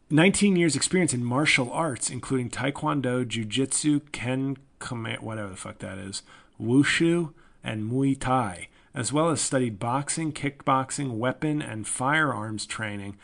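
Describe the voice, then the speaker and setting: A man in his forties hosting a solo comedy podcast, rambling and self-mocking, sometimes breaking into loud excited yelling. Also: mid-range voice, normal speed, vocal fry. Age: 40s.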